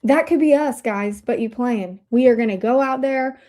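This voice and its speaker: High-pitched indiana woman on a livestream, excitable, chatting to chat. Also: normal speed. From Indiana, USA. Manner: bubbly, excitable, talks to chat. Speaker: livestream host.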